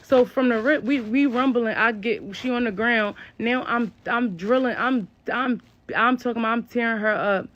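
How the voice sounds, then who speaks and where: A woman's voice: a little high, normal speed, fairly bright tone. A young woman telling a personal story in a casual, blunt and slangy way. She spells out curse words. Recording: dull, lo-fi, dry sound.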